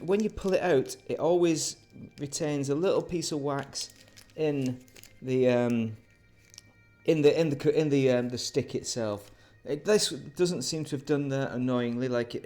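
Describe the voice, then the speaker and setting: A man's voice: medium pitch, a little mellow. A man casually reviewing a sweet on camera, rambling and self-interrupting, with dry, sardonic asides.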